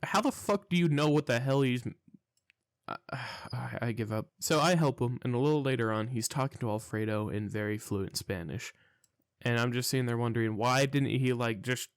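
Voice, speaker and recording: A young man rambles through a casual story, cursing freely and sounding baffled by what happened. His voice is smooth and clear, and it sits close and dry with no room around it. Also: mid-range voice, dry recording. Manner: profane, rambling, incredulous. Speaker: storytelling vlogger.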